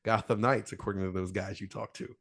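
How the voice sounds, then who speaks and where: A man hosting a gaming podcast with a lowish voice. He chats in a laid-back way and laughs easily. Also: steady tone, fairly quick, a bit bright. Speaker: podcast host. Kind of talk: casual chat.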